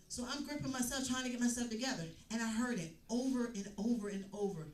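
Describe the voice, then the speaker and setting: A woman with a slightly high voice gives an emotional church testimony, repeating phrases as she tells her story. She is heard from some distance in an echoey church hall. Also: quick pace, few pauses. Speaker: testimony speaker. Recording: echoey room, mic at a distance.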